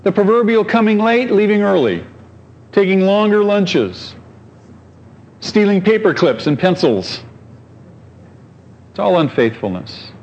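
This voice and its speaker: A man's voice: medium pitch, dull audio. A pastor preaching a conversational sermon, asking his congregation questions and telling stories.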